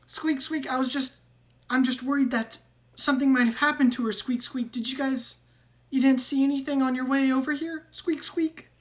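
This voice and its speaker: A woman voicing Ratrick, a squeaky rat man. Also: steady tone, moderate pace, natural voice. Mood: worried. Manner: peppers every phrase with squeaks. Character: anxious talking male rat person who squeaks.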